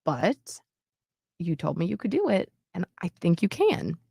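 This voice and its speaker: Animated woman telling a story, dry sound. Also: on the low side, measured pace, creaky, husky, dry recording. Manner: animated, acts out quotes with shifts in loudness. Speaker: podcast co-host. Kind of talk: casual storytelling chat.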